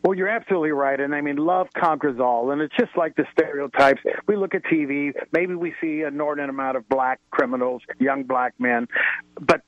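A man's voice: a little high, a little fast, dry recording. A man calling in to a radio talk show, speaking earnestly and rambling with many fillers. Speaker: caller. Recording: dull lo-fi radio sound.

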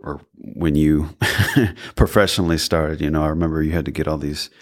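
A man hosting a podcast interview in a studio, relaxed and encouraging, with lots of affirmations. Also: a bass voice, a little fast. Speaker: podcast host. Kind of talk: casual interview chat.

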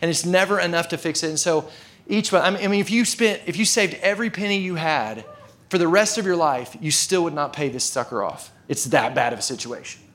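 A man's voice: a little high, animated, a little fast, a bit bright. A male preacher telling a story in a casual, conversational sermon, with frequent filler words.

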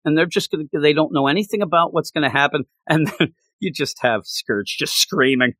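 Brisk and fairly high-pitched, a man hosting a podcast gushes excitedly over a comic book, stumbling and restarting frequently in casual chat. It's a dry recording.

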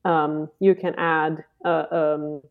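A woman investor as an interview guest, easygoing and quick to laugh. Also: deep voice, level tone, phone-quality sound. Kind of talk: casual interview.

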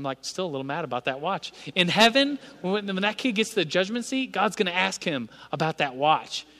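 A man's voice: sits high, a bit bright. A man in his thirties preaching a sermon in a conversational, storytelling manner. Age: 30s. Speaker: pastor. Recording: reverberant church hall.

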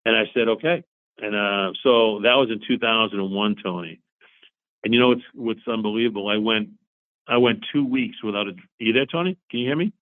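A man's voice: on the low side, brisk, narrow, tinny audio. A man in his forties telling his own story as an interview guest, earnest and repetitive, acting out both sides of past conversations. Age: 40s. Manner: earnest, repeats himself, acts out both sides of dialogue. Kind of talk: confessional storytelling.

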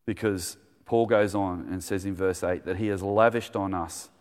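A man's voice: sits low, steady tone, normal speed, big-room sound. A man preaching a sermon in a conversational, enthusiastic way, telling stories as he goes.

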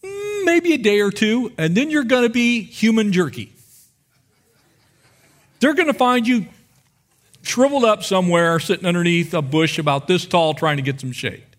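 Male pastor, sermon, high voice, very expressive, animated storyteller. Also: moderate pace, pauses often. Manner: animated storytelling, acts out biblical figures.

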